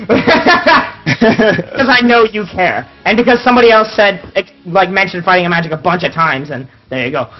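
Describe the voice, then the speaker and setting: A man hosting a casual live-stream podcast, excitable and giggly. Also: high-pitched, moderate pace. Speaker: podcast host. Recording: dull lo-fi stream audio with faint music.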